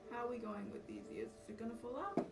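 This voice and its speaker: A woman's voice: on the high side, big pitch swings, fast. A young woman chatting casually to a livestream audience, self-mocking and easily sidetracked. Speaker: cosplay livestreamer. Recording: distant mic with music behind. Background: background music.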